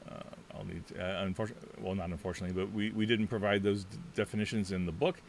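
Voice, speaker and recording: Low-voiced man rambling through a solo game. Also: fairly even intonation, racing, creaky, a little hiss or hum. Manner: rambling, chatty, thinks out loud with many fillers. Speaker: solo tabletop game player. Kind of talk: casual thinking-aloud game walkthrough.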